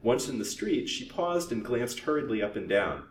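A man reading a novel aloud as a storyteller, with a measured, steady delivery. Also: medium pitch, echoey room, far from the mic, a little hiss or hum, rough recording.

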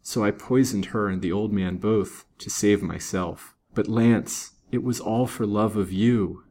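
A man reads as a passionate murderess on her deathbed, each word forced out between gasps. She pleads and wails in a slow, broken delivery. The voice sits low. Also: dark tone, slight background noise, natural voice. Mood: gasping, defiant. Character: dying young bride, a passionate murderess.

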